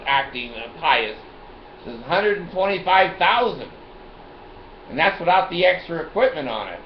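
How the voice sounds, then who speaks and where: A man's voice: on the high side, reverberant, dull audio, a little hiss or hum. An older man hosting his own show, telling a rambling, bawdy, boastful story and laughing often. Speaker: show host.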